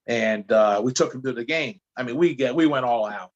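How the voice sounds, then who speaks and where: This anti-drug speaker from New Jersey, appearing as a podcast guest, tells casual stories with animated chattiness and stumbling restarts. He talks fairly quickly at a medium pitch, and the audio sounds dull.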